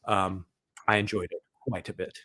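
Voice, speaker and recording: A man's voice: low-pitched, little pitch movement, normal speed, sharp tone, slightly rough, no room sound. Host man, casual Q&A, rambling jokey delivery, dry close sound. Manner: rambling, hesitant, joking. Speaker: channel host. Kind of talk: casual Q&A chat.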